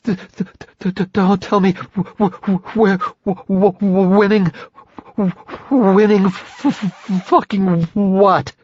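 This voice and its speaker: A man's voice: high-pitched, slow, a little mellow, husky, pitched above the performer's own voice, exaggerated voice. A freezing, desperate young woman, as a man voices her. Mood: stuttering, desperate. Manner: stuttering through chattering teeth, strained. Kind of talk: audiobook character voice. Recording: dull lo-fi recording.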